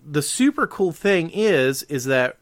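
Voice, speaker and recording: A man hosting a casual podcast from a workshop studio, telling stories with lively mimicry. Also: on the high side, takes it slowly, no echo. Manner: animated storyteller, mimics others with raised voice. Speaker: podcast host.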